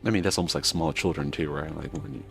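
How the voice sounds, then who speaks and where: A man's voice: extremely low pitch, steady tone, fast talker, creaky. A man chatting casually with friends, telling rambling stories full of fillers. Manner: rambling, lots of "like" fillers, storytelling. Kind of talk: casual chat.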